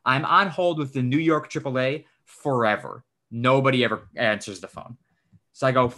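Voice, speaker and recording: A man with a bright, forward voice tells a rambling story on a casual podcast. He is animated, curses freely and slips into quoting himself, with his pitch sitting in an ordinary middle range. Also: fairly quick. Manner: animated, swears often, acts out his own quoted lines. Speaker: podcast host.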